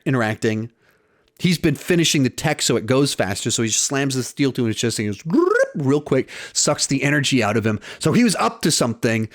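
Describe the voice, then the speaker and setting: A man in his young adulthood talks through a film review at an ordinary mid pitch. He chats casually and retells scenes with animation, slipping into quoted lines as he goes. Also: no echo, studio quality. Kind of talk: casual spoken movie review.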